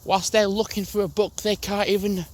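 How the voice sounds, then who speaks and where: A man's voice: high-pitched, level tone, normal speed. Rambling young Englishman telling a story. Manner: rambling, restarts and swears while retelling. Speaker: gaming channel host. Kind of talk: casual storytelling to camera.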